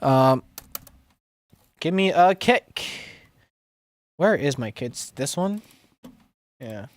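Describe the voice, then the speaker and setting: A man's voice: fairly high pitch, sing-song, extremely slow, slight background noise. A young man who makes music, chatting casually to his stream as he works. He rambles, swears often and mocks himself, restarting his sentences a lot. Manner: rambling, profane and self-mocking, with many restarts. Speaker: music producer streaming to chat. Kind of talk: casual live-stream chat while producing.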